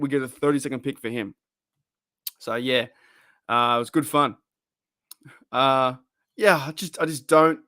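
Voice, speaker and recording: Live-stream host, Australian man, slightly high voice, loose rambling delivery, dry close mic. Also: fairly bright tone, dry recording. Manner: rambling, laughs often, trails off and restarts. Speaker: fan channel host. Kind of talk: casual live-stream chat.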